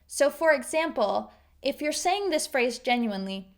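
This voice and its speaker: A woman with a fairly high voice teaches English idioms to learners. She explains each phrase clearly and patiently, then acts out short example lines. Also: animated, moderate pace.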